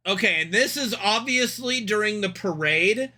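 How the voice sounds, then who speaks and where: A young man streaming live, rambling excitedly and cursing as he reacts to a game trailer. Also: high-pitched, moderate pace, over music. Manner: excitable, rambling, swears freely. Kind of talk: casual live-stream commentary.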